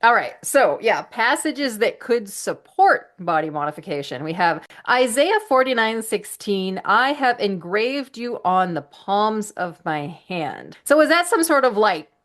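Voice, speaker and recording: A woman's voice: medium pitch, big pitch swings, measured pace, few pauses, fairly bright tone. A woman co-hosting a podcast, blunt and crude, joking freely in casual chat. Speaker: podcast co-host.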